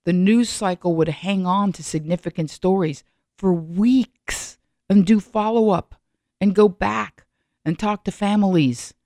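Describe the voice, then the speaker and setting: A woman's voice: mid-range voice, fairly even intonation, measured pace, warm tone, no echo, studio quality. A middle-aged woman giving a reflective solo monologue, rambling with frequent restarts and asides.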